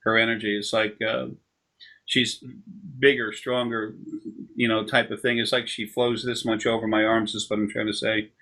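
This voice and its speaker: A man's voice: lowish voice, little pitch movement, normal speed, pushed and bright. A man working as an energy healer, explaining things casually over a video call and drifting into long, rambling anecdotes. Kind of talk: casual explanation during a session.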